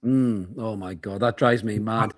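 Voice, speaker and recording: A man, co-hosting a casual live football watchalong, chatty and quick to swear and laugh. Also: fairly low pitch, steady tone. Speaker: co-host of a football watchalong stream. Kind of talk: casual live match chat.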